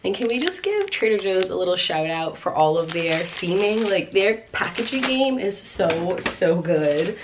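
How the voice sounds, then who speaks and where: A woman's voice: lowish voice, big pitch swings, measured pace, few pauses, noisy background. A pregnant young woman chatting at home through a casual haul vlog, gushing with lots of fillers and short of breath. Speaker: vlogger.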